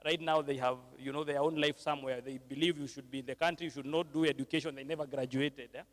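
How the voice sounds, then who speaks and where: A man's voice: medium pitch, steady tone, fast, big-room sound. A man moderating a church panel discussion, switching between English and Swahili, with frequent fillers and tag questions.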